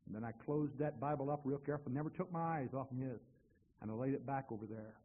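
A man's voice: medium pitch, fast, slight background noise. A man preaching a sermon, telling a story in a dramatic way and acting out both sides of a conversation. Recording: tinny phone-like sound.

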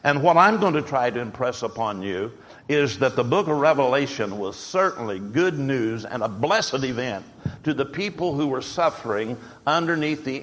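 A man's voice: mid-range voice, fairly bright tone. A man preaching a sermon, emphatic and full of rhetorical questions. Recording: long hall reverb.

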